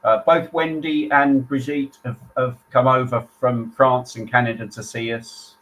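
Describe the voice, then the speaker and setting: A man's voice: medium pitch, level tone, a little slow, fairly bright tone, poor audio. A man from England, a guest musician chatting on a live stream in an easygoing, modest, chuckling way. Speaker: band member guest. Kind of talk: casual chat on a live stream.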